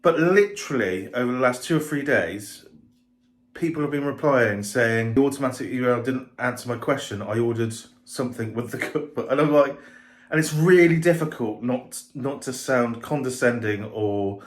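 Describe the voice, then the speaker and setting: A man's voice: mid-range voice, moderate pace. A tipsy man vlogging casually from his restaurant, chatty and rambling, often restarting his sentences into a handheld camera. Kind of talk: casual vlog chat. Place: restaurant, indoors.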